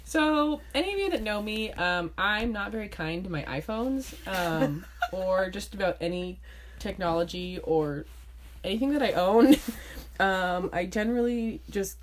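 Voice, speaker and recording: A woman's voice: mid-range voice, expressive, unhurried, slight background noise. A woman co-hosting a casual podcast from her bedroom, talking in a sing-songy, giggly, rambling way. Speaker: podcast co-host. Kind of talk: casual chat.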